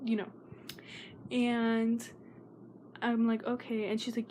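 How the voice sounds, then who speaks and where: A teenage girl talks straight to her camera in a slightly high voice, rambling nervously and often sinking into a whisper. The recording carries a steady, clearly audible background noise. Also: a little slow, poor audio. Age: teens. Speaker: vlogger. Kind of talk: casual vlog chat.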